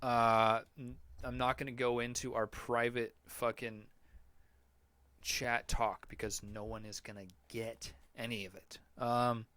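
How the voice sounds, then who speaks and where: A man's voice: mid-range voice, flat delivery, a little slow, fairly bright tone, no room sound. A man hosting a casual live Q&A podcast, answering chat in a rambling, profane, joking way.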